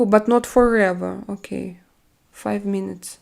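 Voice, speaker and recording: Hosting a relaxed live stream, a middle-aged native Russian speaker with a Russian accent responds to viewers bluntly and chattily. Her speech is halting, riddled with fillers and restarts, and her voice sits in the mid range.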